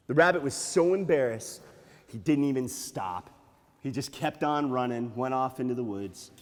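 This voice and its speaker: A man working as a nature museum storyteller, telling an animated, playful tale to children with sound effects. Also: mid-range voice, normal speed. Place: library room. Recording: echoey hall.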